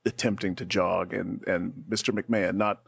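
A man's voice: sits low, flat delivery, moderate pace, creaky, breathy edge, dry recording. A man in his thirties co-hosting a casual podcast, full of joking, teasing banter. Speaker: podcast co-host.

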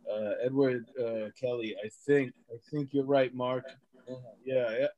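A man's voice: medium pitch, steady tone, a little slow, mellow, lo-fi sound. A man with a New York accent hosting a casual chat, loose and joking and drifting into fillers as he reads out listener comments. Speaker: podcast host.

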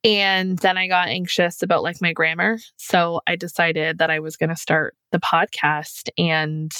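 Woman podcast guest, low-pitched, open and reflective, dry close mic. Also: little pitch movement, moderate pace, few pauses, a bit bright, no echo. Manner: candid, reflective, many "like" fillers. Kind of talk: casual conversation.

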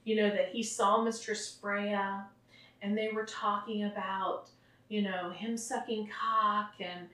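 A woman's voice: medium pitch, level tone, takes it slowly, a bit bright, far from the mic. A woman hosting a casual, raunchy podcast, telling stories in a brash, profane way. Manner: brash, profane, laughing storyteller. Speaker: podcast hostess. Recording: roomy echo, voice somewhat off-mic.

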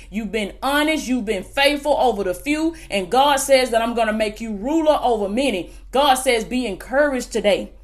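A woman with a Southern US accent preaches a prophetic word to the camera, with a high-pitched voice. Her delivery is fervent and full of sudden exclamations, and she keeps calling her listeners "baby".

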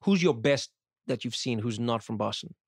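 A man from South Africa, a podcast guest, chatting casually and lively, often slipping into voices of the people he describes. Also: mid-range voice, normal speed, no echo, studio quality. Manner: animated storyteller, slips into voices of people he describes.

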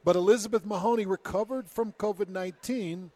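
A radio host telling a news story and reading quotes, in a casual, lively storytelling manner. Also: male voice, high voice, a little fast, no room sound. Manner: storytelling, reads quotes in a put-on British accent.

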